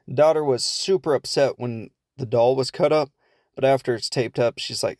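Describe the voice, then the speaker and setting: A young man casually recapping a film plot in a rambling comedic way, slipping into quick asides for the characters. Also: medium pitch, dry recording, clean studio sound.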